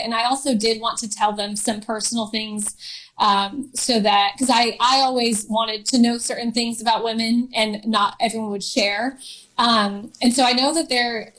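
A woman's voice: on the high side, a bit bright, poor audio. A woman in her thirties telling a personal story in a casual chat, laughing often and using many fillers. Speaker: guest.

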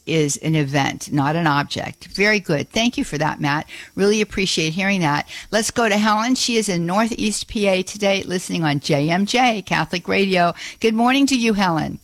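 A woman's voice: fairly low pitch, normal speed, no room sound. A woman hosting a Catholic call-in radio show, folksy and exclamatory as she responds to callers. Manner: warm-hearted, exclamatory, folksy.

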